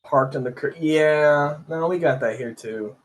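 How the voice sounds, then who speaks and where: A man's voice: on the high side, measured pace, slight background noise. A man from the United States chatting casually on a stream, teasing and laughing a lot. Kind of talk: casual chat.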